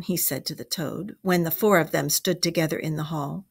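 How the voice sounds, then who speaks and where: A woman teacher reading a storybook aloud to a class, expressive, with chatty asides. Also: on the low side, normal speed, creaky, few pauses, husky.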